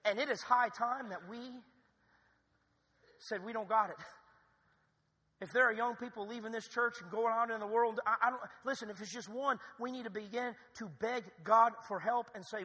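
A male pastor preaching a sermon in a church, building to loud, emphatic cries. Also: very high-pitched, steady tone, moderate pace, breathy edge, in a large hall. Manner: preaching with rising, shouted emphasis. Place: church sanctuary.

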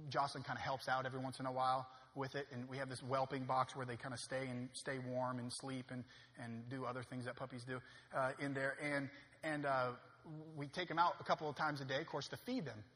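A man in his thirties preaching a sermon as a pastor, swinging from loud preaching peaks to quiet storytelling. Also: on the high side. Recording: long reverb of a hall.

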